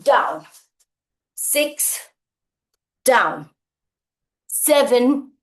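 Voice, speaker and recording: Slow-counting woman fitness instructor, echoey room. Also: on the high side, very animated. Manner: counting reps with brief cues and praise. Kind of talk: live group workout instruction.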